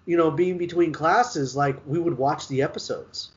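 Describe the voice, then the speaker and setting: A middle-aged man co-hosting a show, chatting casually with relaxed storytelling and wry asides. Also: on the high side, normal speed, lo-fi sound. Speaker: podcast co-host. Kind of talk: casual chat.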